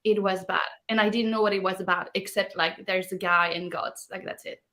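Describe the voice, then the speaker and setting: A woman co-hosting a casual book chat, giving animated opinions in quick asides. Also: mid-range voice.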